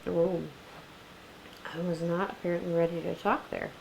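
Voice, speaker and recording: A young woman chatting through a craft tutorial, laughing often and talking gently to her toddler. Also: fairly low pitch, lively intonation, a little slow, creaky, a little hiss or hum, rough recording. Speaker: craft vlogger. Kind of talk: casual craft tutorial chat.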